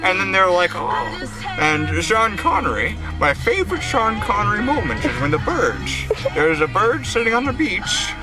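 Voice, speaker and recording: A young man with a high, bouncy, lively voice tells goofy, rambling stories and laughs often as he chats to the camera. His voice sounds worn, as if he's losing it. Music plays clearly in the background. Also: moderate pace, poor audio. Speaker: vlogger. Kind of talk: casual rambling chat. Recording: music playing clearly behind.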